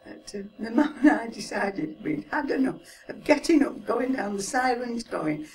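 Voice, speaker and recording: A woman's voice: on the high side, expressive, moderate pace. A woman in her seventies with a Mancunian accent, chatting and reminiscing with frequent laughs. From Manchester, England. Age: 70s. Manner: chatty, laughs often, trails off softly. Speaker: interviewee recalling her life. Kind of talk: casual reminiscing. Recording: distant mic, hissy home recording.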